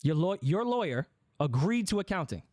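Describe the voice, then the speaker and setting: A man's voice: high-pitched, very animated, moderate pace, darkish tone, no room sound, clean studio sound. A man co-hosting a podcast, talking candidly and bluntly, with profanity, as he explains his side of a dispute. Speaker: podcast co-host.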